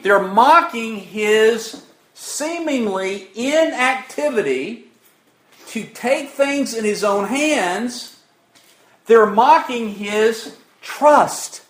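High, lively-voiced preacher asking questions. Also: male voice. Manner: asks the congregation questions and answers them himself; reads scripture aloud with rising emphasis. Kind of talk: sermon.

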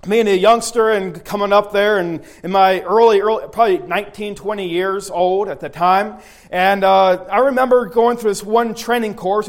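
A man preaching a sermon, telling an army story in a folksy way, often repeating and restarting his phrases. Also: sits high.

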